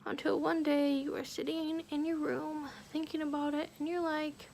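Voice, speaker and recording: A woman vlogger telling a personal story in a hushed, halting way, often dropping to a whisper and filling pauses with "like". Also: sits high, flat delivery, vocal fry, a little hiss or hum. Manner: halting, heavy use of "like".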